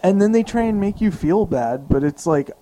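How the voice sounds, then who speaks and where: Brief: young male co-host, slightly high voice, warm and mellow, easygoing. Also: expressive, normal speed, rough recording. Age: young adult. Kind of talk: casual chat.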